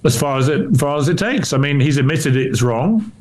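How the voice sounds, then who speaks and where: A man's voice: a little high, lively intonation, fairly quick, a little mellow. A middle-aged man, a former newspaper editor answering interview questions in an indignant, emphatic way. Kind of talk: defensive on-air interview.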